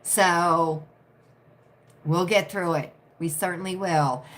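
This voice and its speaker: A woman's voice: mid-range voice, animated, slow pace, pushed and bright. A woman from the United States hosting a casual live chat with viewers, chatty and repetitive, often adding "right?" and laughing. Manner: chatty, repeats herself, frequent "right?" tags, laughs often. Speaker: livestream host.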